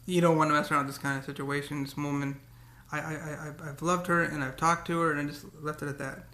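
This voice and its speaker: Man vlogging, rambling monologue, gravelly voice, fairly high pitch, echoey room. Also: little pitch movement, fast talker, pushed and bright. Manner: rambling, repeats words, cursing rants.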